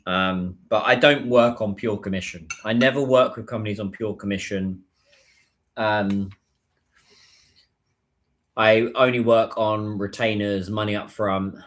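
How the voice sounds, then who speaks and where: A man's voice: fairly low pitch, steady tone, measured pace, long pauses, a bit bright. A British man chatting casually on a phone livestream, reading out and answering viewer comments.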